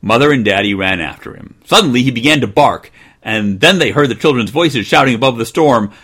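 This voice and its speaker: Husky man reading a storybook aloud. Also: medium pitch, fairly quick. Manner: expressive, dryly joking. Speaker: podcast host.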